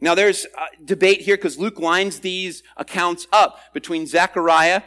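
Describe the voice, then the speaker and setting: A male pastor preaching a sermon expressively, swinging between loud emphasis and quiet asides. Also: high-pitched, fairly even intonation, a little slow.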